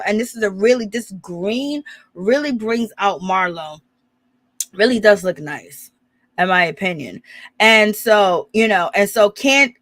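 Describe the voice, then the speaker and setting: A woman hosting a casual reality TV recap, gossiping with slang and quick asides to her viewers. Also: on the high side, fairly bright tone, dry recording. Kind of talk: casual commentary on a reality show.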